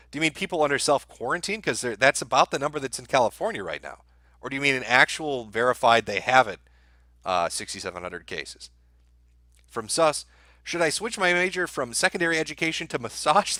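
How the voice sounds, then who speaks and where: A man's voice: mid-range voice, sharp tone, no echo. A man hosting a live stream, reading out viewer messages and answering them with sardonic, profane commentary.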